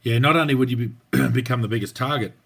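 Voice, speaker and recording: A man's voice: mid-range voice, fast, gravelly, fairly bright tone, slightly rough. A man with an Australian accent, a former cop co-hosting a podcast, telling stories bluntly in colloquial slang. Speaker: podcast co-host, former police officer. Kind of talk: casual podcast chat.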